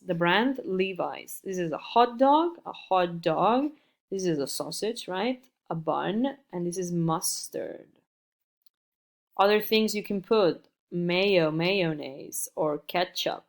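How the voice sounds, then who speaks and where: A woman teaching an English lesson, repeating words slowly and carefully for her learners. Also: on the low side. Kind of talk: recorded online English lesson.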